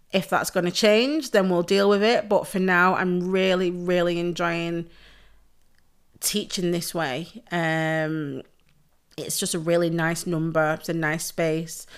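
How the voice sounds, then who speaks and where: Sweary, effusive woman, low voice. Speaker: pole dance instructor. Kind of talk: casual podcast chat.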